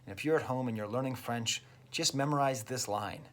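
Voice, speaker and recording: A man's voice: medium pitch, a little fast, a bit bright, slight background noise. A man, a French teacher, enthusiastically explaining song lyrics step by step in a casual video lesson. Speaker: French teacher and music reviewer.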